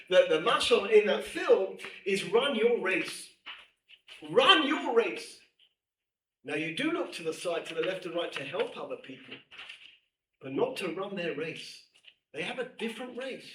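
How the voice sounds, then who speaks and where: A man teaching a class, animated and emphatic, repeating key phrases and reading Hebrew texts quickly. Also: high-pitched. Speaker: teacher at a women's seminary. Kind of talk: lecture to a class. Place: room with a class present. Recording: echoey room, distant mic, faint hiss.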